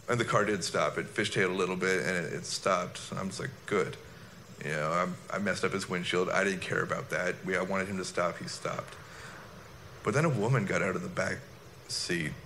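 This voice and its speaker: A man, a former soldier recounting an incident in a halting, reflective personal monologue. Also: deep voice, pushed and bright, a little hiss or hum.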